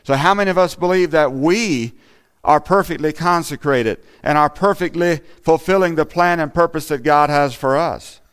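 Earnest man preaching in a smooth voice. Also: a little high. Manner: earnest, conversational, with frequent "you know". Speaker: lay preacher. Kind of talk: sermon. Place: church.

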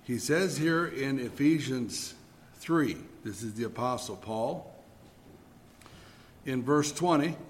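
A man preaching a sermon in a church, speaking deliberately with pauses and occasional fillers. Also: mid-range voice. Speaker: pastor.

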